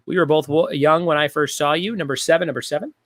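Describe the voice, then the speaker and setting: A man's voice: on the high side, fairly even intonation, fast talker, fairly bright tone, slight background noise. A man hosting a live online trivia game, reading questions, repeating them and joking with viewers. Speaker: trivia host.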